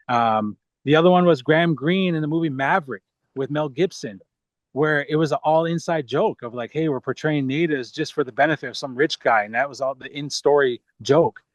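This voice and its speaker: A man's voice: fairly high pitch, no room sound. Man chatting in a dry, close sound. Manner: relaxed, rambling, many restarts. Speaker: actor, interview guest. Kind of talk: casual interview chat.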